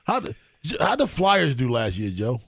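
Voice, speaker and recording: A man's voice: mid-range voice, wildly swooping pitch, moderate pace, vocal fry, fairly bright tone, husky, no echo. A man co-hosting a sports radio show, talking casually and laughing often as he rambles.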